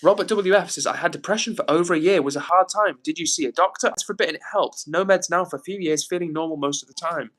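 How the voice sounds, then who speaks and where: A man hosting a live stream, chatting casually and reading viewer comments aloud in a gentle, reassuring way. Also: on the high side, fast, few pauses. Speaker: livestream host reading chat.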